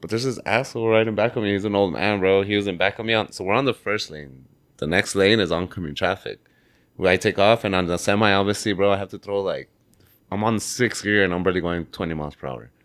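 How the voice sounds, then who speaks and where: A laid-back man with an El Paso Texan accent recounts a crash from behind the wheel of his semi. His voice sits a little low, and his relaxed talk is peppered with bro. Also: fast talker. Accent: El Paso Texan English. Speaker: truck driver guest. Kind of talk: casual storytelling chat.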